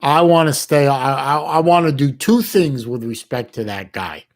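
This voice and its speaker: A middle-aged man from the US, medium-pitched and lively in his intonation, reads his chat while hosting a livestream. His casual talk comes out haltingly, with many restarts and folksy expressions.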